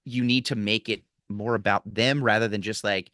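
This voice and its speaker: A man in his forties from Philadelphia, a comedian chatting on a podcast, telling stories in a rambling, animated way with many restarts. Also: on the low side, moderate pace, dry recording, clean studio sound. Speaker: guest comedian. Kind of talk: casual podcast chat.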